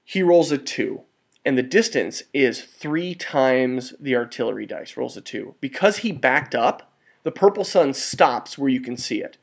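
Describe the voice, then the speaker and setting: Over photos, a man narrates a tabletop wargame battle report in a casual, rambling, excitable way, frequently restarting and correcting himself. His mid-range voice is creaky and a little slow, sprinkled with mild curses and exclamations.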